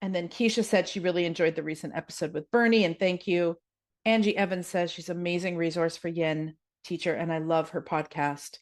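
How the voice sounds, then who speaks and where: Canadian woman, podcast host, slightly low pitch, casual and upbeat delivery. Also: steady tone, a little fast. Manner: chatty, upbeat, laughs easily. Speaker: podcast host and yoga teacher. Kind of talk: casual solo podcast, reading listener comments aloud.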